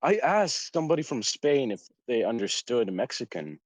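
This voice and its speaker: Lively young streamer, slangy. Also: male voice, medium pitch, moderate pace, no echo. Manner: slangy, calls people bro and dude. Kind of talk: casual chat.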